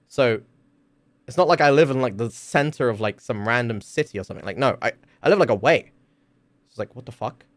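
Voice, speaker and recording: A man's voice: medium pitch, expressive, a little fast, dry recording. A man streaming from home, telling a story in a casual, rambling way with lots of filler words and swearing.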